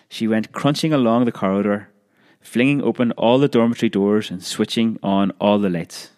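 A man reading a childhood memoir aloud in a measured storytelling manner, with occasional small restarts. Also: lowish voice, a little mellow. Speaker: narrator.

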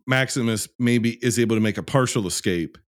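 A man's voice: medium pitch, fairly quick. A man in casual film discussion, loose and conversational with some swearing and restarts.

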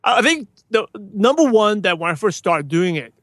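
A man as a guest in a casual interview, talking enthusiastically and acting out greetings with animated emphasis. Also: high-pitched, normal speed, no echo. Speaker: podcast guest, podcaster.

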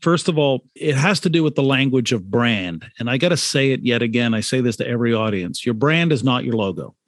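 A man's voice: medium pitch, expressive, brisk, dry recording, clean studio sound. Emphatic man explaining brand ideas. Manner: emphatic, repeats key points, rhetorical questions. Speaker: author and brand consultant, guest. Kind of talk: conversational podcast interview.

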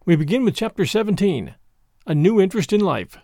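High-voiced man narrating a storybook. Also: big pitch swings, warm tone, no room sound, clean studio sound. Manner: measured storytelling delivery. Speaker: podcast host and reader. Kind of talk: audiobook narration.

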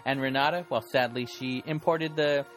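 A man's voice: medium pitch, fairly even intonation, moderate pace, a bit bright, soft background music. A man hosting a casual podcast, talking in a chatty, rambling way and laughing often. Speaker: podcast host.

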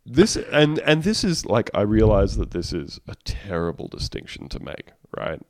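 A man's voice: lowish voice, sing-song, normal speed, no echo, studio quality. A man co-hosting a casual comedic podcast, reading news aloud wryly and laughing mid-sentence. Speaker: podcast co-host.

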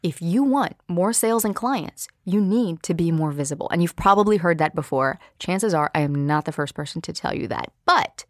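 A woman's voice: fairly low pitch, expressive, normal speed, hardly any pauses, no room sound, studio quality. A woman hosting a solo podcast, talking candidly and expressively, with playful asides. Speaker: podcast host.

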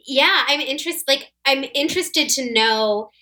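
A woman's voice: sits high, measured pace, pushed and bright. A woman in casual, reflective conversation, often using "like" as she thinks aloud. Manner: chatty, reflective, with frequent "like" fillers. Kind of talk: casual chat.

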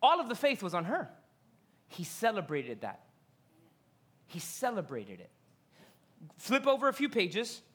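A preacher delivering a sermon from a stage, telling the story in an animated way, full of rhetorical questions and casual slang. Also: medium pitch, a little slow, pauses often.

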